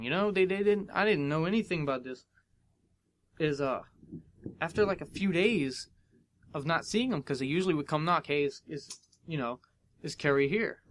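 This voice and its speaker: Young man, american accent, casual podcast storytelling, fairly high voice, animated quoted dialogue. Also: no echo. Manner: animated, acts out dialogue with big pitch jumps. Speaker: podcast host.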